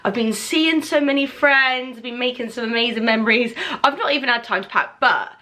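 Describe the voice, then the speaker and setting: A woman's voice: on the high side, a little fast, sharp tone. A young woman from England chatting casually to her camera at home, rambling and emotional, close to tears at times. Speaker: vlogger. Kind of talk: casual talking-to-camera vlog.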